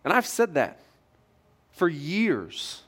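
High-voiced pastor preaching conversationally. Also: male voice, takes it slowly. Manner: conversational storytelling with lively shifts in loudness. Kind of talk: sermon. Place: church stage.

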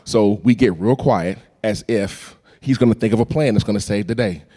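A man preaching a storytelling sermon, animated and acting out voices and sounds. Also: fairly low pitch, moderate pace, breathy edge. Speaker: pastor.

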